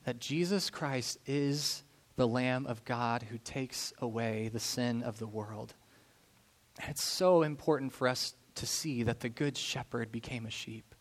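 A man preaching a sermon as a pastor, animated, acting out voices in stories and dropping low and soft for solemn points. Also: measured pace. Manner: animated, acts out voices in a story.

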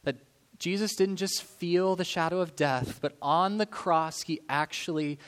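A man preaching a sermon as a pastor, animated, acting out voices in stories and dropping low and soft for solemn points. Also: unhurried, clear, resonant tone. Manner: animated, acts out voices in a story.

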